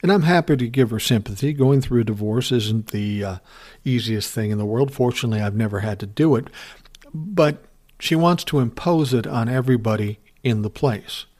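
A middle-aged man talks through a story from his working life in a plain, blunt way. His tone is wry and conversational, and his pitch sits in an ordinary middle range. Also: moderate pace, darkish tone. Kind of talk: casual storytelling monologue.

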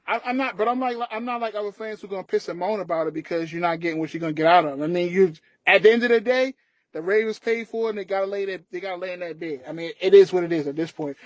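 A man's voice: high voice, fast, dry recording. A man co-hosting a sports podcast, ranting emphatically in casual talk. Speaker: podcast co-host.

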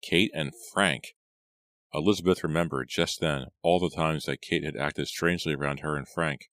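A man narrating an audiobook in a measured, even storytelling manner. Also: rumbling low, dry recording, clean studio sound. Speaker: audiobook reader.

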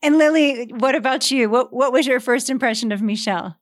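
A woman conducting an interview, asking questions and reacting warmly and effusively. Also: high voice, fairly quick, dry recording. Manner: warm, gushing, easily moved.

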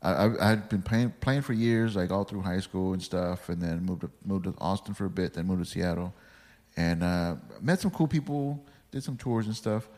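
A man's voice: low-pitched, moderate pace, darkish tone. Laid-back man telling a rambling story. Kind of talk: casual chat, storytelling. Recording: long hall reverb.

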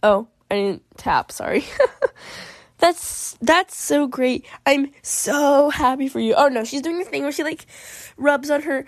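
High-pitched girl chatting thru a story game, giggly, reacts to everything, dry close sound. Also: normal speed, dry recording. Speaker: gaming video creator. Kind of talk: casual game commentary, reading choices aloud.

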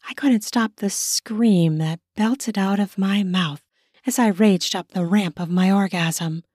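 A woman's voice: medium pitch, takes it slowly, darkish tone, no echo, clean studio sound. A woman podcast host and author narrating her own erotic story in first person.

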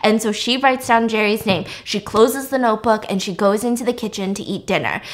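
A woman podcast host casually recapping a movie in an animated, profane, jokey way. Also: medium pitch, brisk.

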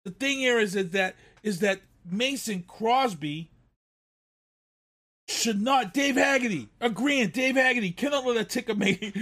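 A man's voice: extremely high pitch, unhurried, a bit bright. A man hosting a sports talk show, ranting in a heated way about a football play and repeating himself. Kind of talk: casual sports commentary.

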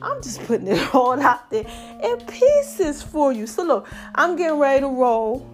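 Woman host, high-pitched, casual monologue, animated, laughs a lot, faint background music. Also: normal speed. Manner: chatty and animated, laughs often, calls listeners y'all and baby. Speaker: podcast host.

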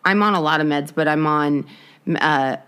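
A young woman with a notably low voice, talking candidly in a relaxed podcast chat. She rambles, restarts and swears freely as she shares with her co-host. Her delivery is loose and conversational. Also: normal speed, clean tone. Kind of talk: casual chat.

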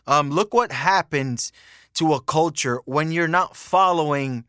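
A man's voice: on the high side, a little slow, sharp tone, clean tone, no room sound, clean studio sound. A man hosting a podcast, ranting in a casual monologue, emphatic and profane, with a lot of repetition. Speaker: podcast host.

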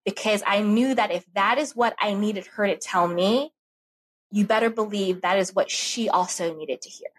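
A woman's voice: medium pitch, moderate pace, breathy edge. A woman in casual podcast conversation, telling personal stories and acting out her inner voice. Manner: animated storytelling with acted-out inner voices.

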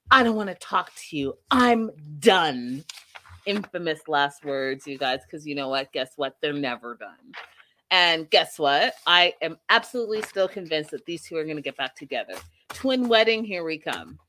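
A young woman hosting a casual live stream, recapping a reality show in a bubbly, giggly, animated way. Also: low-pitched, moderate pace, a little hiss or hum.

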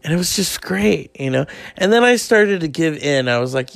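A man's voice: expressive, normal speed, vocal fry, few pauses, no room sound. A man in his forties rambling and ranting in a profane monologue, often swearing and mocking people. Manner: ranting, swearing, mocking others in high put-on voices.

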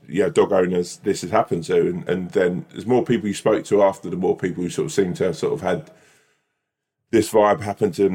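In casual podcast banter, a male co-host meanders through silly imaginary situations, piling up hypotheticals. His voice sits low, with a darkish, slightly rough quality.

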